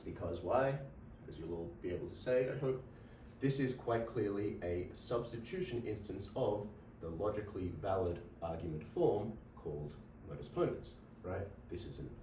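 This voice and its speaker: A male lecturer explains logic to a class, circling back and asking "right?" as he goes. His voice sits a little low and mellow. It is picked up from some distance in an echoey room with a faint hum of ambience. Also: animated, normal speed, few pauses. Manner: repeats himself, checks in with "right?". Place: classroom with a board.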